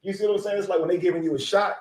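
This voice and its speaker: A man hosting an interview show, talking in an animated, encouraging way. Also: high-pitched, very fast, roomy sound. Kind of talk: casual interview chat.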